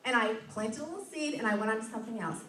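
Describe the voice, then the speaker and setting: A woman's voice: a little high, racing, a bit bright, a little hiss or hum. A woman giving an enthusiastic sales training talk to a group, acting out customer dialogue and laughing often. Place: meeting room with audience. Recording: echoey room from a distance.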